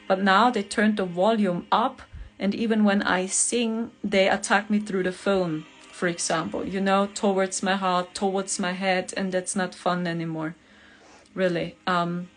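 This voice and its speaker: Woman, earnest rambling vlog talk, faint music underneath. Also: medium pitch. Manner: earnest, rambling, repeats herself. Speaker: spiritual vlogger. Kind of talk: emotional personal vlog.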